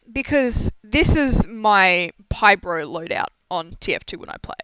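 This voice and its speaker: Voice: medium pitch, expressive, unhurried, hardly any pauses, bright, forceful tone, smooth, no room sound. A young adult streamer chatting casually and rambling with frequent giggles and self-deprecating asides during a live stream. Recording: slightly dull lo-fi mic, dry.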